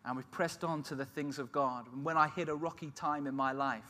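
A man's voice: fairly high pitch, steady tone, fairly quick, hardly any pauses, sharp tone. A middle-aged man giving an emotional personal testimony as a sermon, telling his story earnestly. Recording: long hall reverb.

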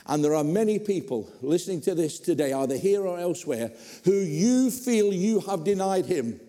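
A man preaching a sermon in a church, conversational and animated with humorous asides. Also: high-pitched, normal speed. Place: church hall. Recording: long reverb in a hall.

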